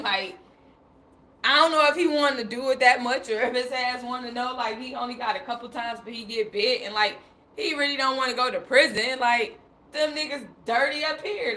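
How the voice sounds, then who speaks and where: Young woman, livestream host, high voice, bright tone, casual slangy storytelling, laughing. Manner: animated, laughing, slangy, quoting herself.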